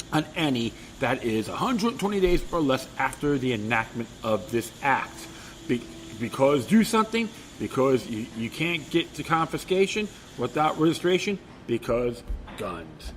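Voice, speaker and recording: A man's voice: a little high, a bit bright. Man reading a bill aloud with combative sarcastic asides. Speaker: political commentator. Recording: reverberant room with faint background noise.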